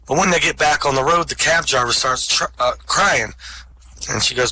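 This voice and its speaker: A man's voice: medium pitch, moderate pace, sharp tone, a little hiss or hum, poor audio. A man telling jokes and a list of rules at an online open mic, chuckling at his own punchlines. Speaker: stand-up comic. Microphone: home microphone, online voice chat.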